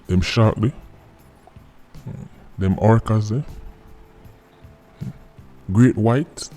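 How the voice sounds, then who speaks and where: A man's voice: on the low side, drawn-out words, warm tone. A man with a Jamaican accent hosting a political commentary vlog, sardonic and mocking, firing off rhetorical questions. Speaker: vlog host. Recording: faint background music.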